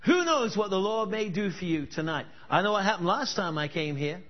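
A man's voice: high voice, expressive, brisk. A male preacher giving a sermon at a church service, telling stories and pressing the crowd with emphatic questions. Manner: storytelling, emphatic rhetorical questions. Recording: dull lo-fi recording.

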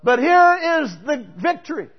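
A man's voice: extremely high pitch, sing-song, a little slow, highs cut off. A male pastor preaching a sermon, telling stories and emphatically urging his congregation to act. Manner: emphatic, exhorting, storytelling preacher.

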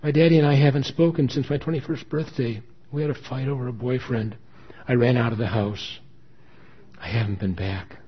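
A man's voice: medium pitch, normal speed, long pauses, husky, lightly acted. A man voicing a distraught young woman who pleads on the phone, close to sobbing, in a story reading. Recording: dull lo-fi recording.

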